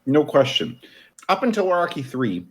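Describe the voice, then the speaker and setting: A man's voice: a little high, normal speed, breathy edge. A man as guest co-host of a podcast, casually explaining boxing while discussing a film. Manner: relaxed, explains boxing plainly.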